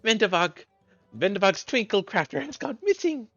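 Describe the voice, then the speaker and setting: A man's voice: high-pitched, sing-song, normal speed, fairly bright tone, no room sound, dull audio, soft background music, pitched above the performer's own voice, exaggerated voice. A man voicing a small, frantic female beast-tribe creature who pleads urgently in broken grammar. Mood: frantic pleading. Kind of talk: voicing game dialogue.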